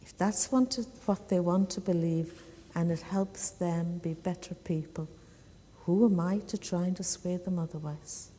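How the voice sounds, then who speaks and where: A woman voicing a gentle male traveller devoted to his donkey, speaking earnestly and plainly in a reverberant church. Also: lowish voice, a little slow, husky. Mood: accepting.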